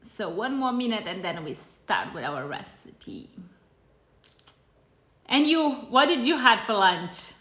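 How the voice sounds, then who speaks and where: A woman with a Brazilian Portuguese accent hosts a live cooking stream, chatting casually and greeting viewers by name. Her mid-range voice is a bit bright and very animated, and she speaks slowly with frequent pauses in a reverberant space.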